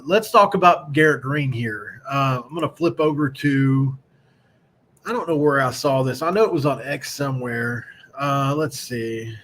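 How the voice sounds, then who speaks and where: A man's voice: medium pitch, fairly bright tone, a little hiss or hum. A man hosting a casual live-streamed sports talk show, speaking in a loose, rambling way and greeting chat viewers by name.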